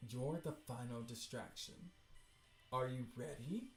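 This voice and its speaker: A man's voice: mid-range voice, measured pace, faint music behind, lightly acted. A man reading as a grand, showy stage performer. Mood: theatrical. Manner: grand, theatrical. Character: showy stage performer greeting a final guest. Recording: roomy echo.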